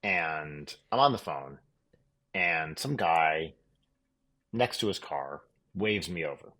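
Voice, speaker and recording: Very deep-voiced man telling wry stories. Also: lively intonation, takes it slowly, pushed and bright. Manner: dry, profane, wry storyteller. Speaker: podcast co-host. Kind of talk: casual storytelling chat.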